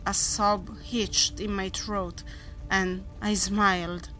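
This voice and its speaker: A woman narrating a first-person horror story in a measured, deliberate way. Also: medium pitch, little pitch movement, fairly bright tone, soft background music, low-quality recording.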